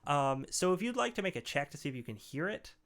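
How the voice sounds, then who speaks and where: A man running a tabletop game who describes the scene in a casual, rambling way. His voice is gravelly with a smooth, resonant tone. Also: on the high side, sing-song, fast, fairly bright tone. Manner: loose, filler-heavy description. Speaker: game master.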